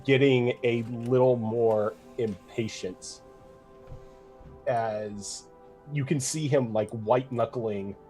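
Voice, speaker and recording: A man's voice: mid-range voice, steady tone, slow, warm tone, faint music behind. Casual man running a tabletop game. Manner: casual, with many "like" fillers. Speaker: game master.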